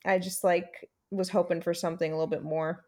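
A woman's voice: lowish voice, level tone, a little fast, dark tone. A woman co-hosting a podcast in casual chat, blunt and sarcastic, swearing freely. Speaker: podcast co-host.

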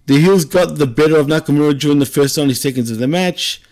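Aussie guy on a wrestling podcast, keeps laughing, says right? a lot, voice on the higher side. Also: quick pace, a little mellow. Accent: Australian. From Australia. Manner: laughs often, tags lines with "right?". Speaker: podcast co-host. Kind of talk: casual wrestling recap chat.

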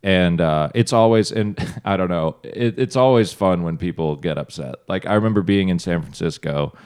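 A man, a stand-up comedian, chatting as a podcast guest and telling loose, joking stories with quick asides. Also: sits low, darkish tone, clean tone. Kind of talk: casual podcast interview.

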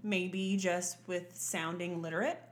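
A woman in her thirties from the Southern US, chatting casually with no Southern accent, animated and laughing a lot. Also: fairly low pitch, takes it slowly. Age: 30s. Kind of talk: casual chat.

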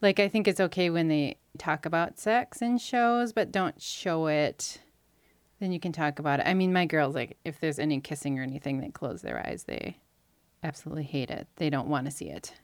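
A woman co-hosting a casual TV recap chat, measured and opinionated. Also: low-pitched, no echo.

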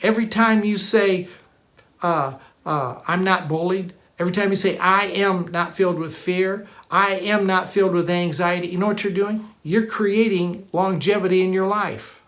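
This sermon teaching comes from a preacher whose middling-pitched voice is fairly bright, with fairly even intonation. Repeating points emphatically, he trips over restarts and alternates between racing through phrases and drawing them out.

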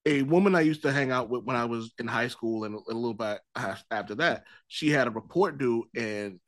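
A man's voice: medium pitch, brisk, no echo. Rambling Boston man hosting a podcast. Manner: rambling, loose, swears casually. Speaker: podcast host. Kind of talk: casual podcast chat.

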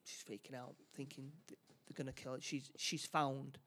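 A man's voice: medium pitch, flat delivery, bright, forceful tone. A man chatting casually as he recaps a film plot, stumbling over restarts and acting out the characters' lines. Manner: halting, many restarts, acts out lines.

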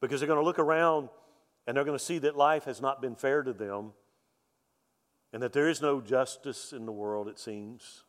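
Pastor guy preaching, folksy and jokey, loud then hushed, big church reverb. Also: mid-range voice, moderate pace. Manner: folksy, joking, swings between loud emphasis and soft quiet lines. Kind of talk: sermon. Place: church sanctuary. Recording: long reverb of a church hall.

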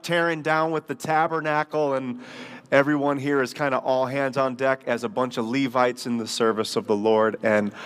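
A man's voice: mid-range voice, smooth. Conversational man preaching a sermon. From Michigan, US. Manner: conversational, storytelling with fillers. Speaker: guest pastor. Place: church service in a gym.

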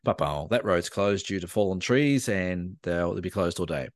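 A man with an Australian accent, a podcast co-host telling a lively, animated story in casual chat. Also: deep voice, normal speed, no room sound.

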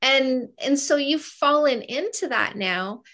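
High-voiced, upbeat woman giving advice. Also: lively intonation, takes it slowly, fairly bright tone. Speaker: advice host and author. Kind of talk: conversational advice interview.

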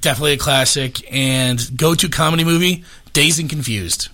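A comedian man chatting on a podcast, with a crisp, bright voice that sits a little high. He rambles through stories and crude jokes in loose, casual banter. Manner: profane, rambling, quick jokes. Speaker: guest comedian.

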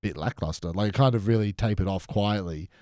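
A man's voice: lowish voice, fast, mellow, no room sound, studio quality. A man talking as a podcast guest, giving an opinionated, analytical critique. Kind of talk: casual chat reviewing episodes.

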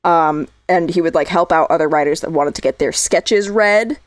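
This is a woman co-hosting a casual podcast, sliding from one tangent to the next and laughing easily. Her voice sits fairly low, and the recording is dry and close, with no room sound. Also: moderate pace, no room sound. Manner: chatty, tangential, laughs often. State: losing her voice. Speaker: podcast co-host. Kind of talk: casual chat.

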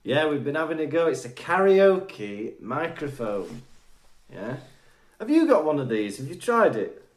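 A male podcast host chatting casually and cracking jokes. His pitch swings up and down a lot as he talks. The sound carries a roomy echo. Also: sing-song, a little slow. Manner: jokey, laughs easily. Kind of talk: casual chat.

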